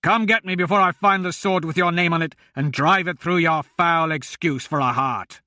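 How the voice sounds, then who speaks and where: A man's voice: a little high, normal speed, no echo, clean studio sound. Man doing a defiant taunting thief. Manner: taunting, shouting. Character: wiry male thief taunting a monster, defiant. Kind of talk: audiobook character voice.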